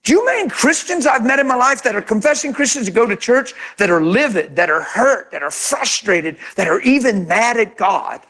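A man preaching a sermon as pastor, animated and conversational, often laughing and acting out quotes. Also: very high voice, moderate pace, few pauses.

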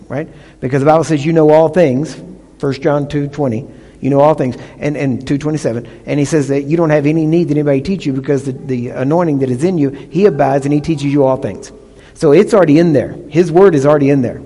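A man preaching with a fairly high voice, leaning hard on key words and checking in with the congregation between points. His voice rings out with a long reverb, as if he is in a large church hall. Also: dark tone. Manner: emphatic teaching with call-and-response checks. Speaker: pastor. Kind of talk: sermon.

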